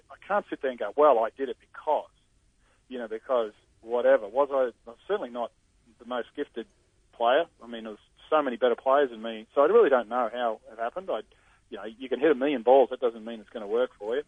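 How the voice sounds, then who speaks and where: A man's voice: mid-range voice, fast talker, breathy edge, dry recording. An Australian man in his forties, a golfer chatting as a guest, self-deprecating and rambling with lots of fillers. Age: 40s. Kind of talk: casual interview chat. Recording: slightly muffled, dry line.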